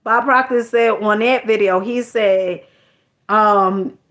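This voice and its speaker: A woman's voice: medium pitch, takes it slowly, a bit bright. A woman telling a personal story in a casual, chatty monologue, often repeating her words and using slang.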